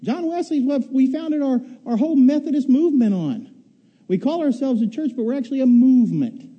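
A man's voice: extremely high pitch, animated, fairly quick, slightly rough, dull audio. A male pastor preaching a sermon in a folksy storytelling way, often repeating words as he goes.

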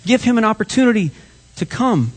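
Male pastor, sermon delivery, lively pitch swings, dramatic whispers and cries. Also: brisk, husky.

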